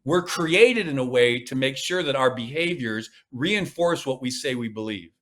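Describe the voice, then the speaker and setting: A man's voice: medium pitch, lively intonation, normal speed, a bit bright. A man speaking as a podcast guest, coaching with emphatic, repeated phrases. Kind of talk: podcast interview.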